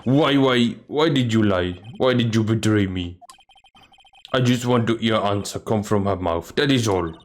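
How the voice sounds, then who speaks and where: A man voicing a desperate, grieving convict who speaks in halting, broken English. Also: lowish voice, natural voice. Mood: mournful.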